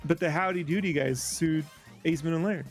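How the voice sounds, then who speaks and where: A man's voice: fairly high pitch, moderate pace, faint music behind. A man co-hosting a casual art show, chatting and rambling through stories with a teasing edge. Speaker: co-host. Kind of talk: casual chat while drawing.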